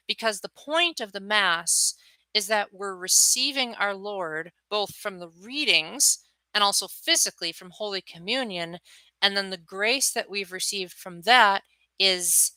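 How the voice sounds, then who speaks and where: A young adult woman hosts a livestream, chatting casually in a bright, forceful, medium-pitched voice. She answers viewers' chat messages and acts out little quotes. The recording is dry and the audio quality is poor.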